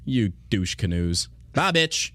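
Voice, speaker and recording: A man's voice: fairly low pitch, sing-song, slow pace, fairly bright tone, no echo. A man hosting a podcast, talking bluntly and profanely in a mocking, opinionated rant. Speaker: podcast host.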